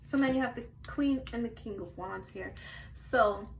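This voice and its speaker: Woman doing a tarot reading for her channel, chatty, goes soft then loud, faint hiss behind. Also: on the high side, moderate pace, gravelly, rough recording. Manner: chatty, bursts into giggles, shifts from soft murmurs to loud outbursts. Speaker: tarot reader. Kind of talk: casual tarot reading chat.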